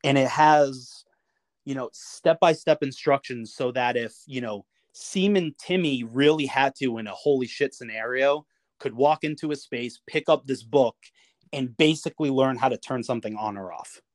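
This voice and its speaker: A man, a navy veteran guest on a podcast, telling a story in a lively, casual way, cursing freely and acting out what others said. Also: medium pitch, moderate pace, no room sound. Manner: animated storyteller, swears freely, acts out quoted lines with chuckles. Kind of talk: casual anecdote told in an interview.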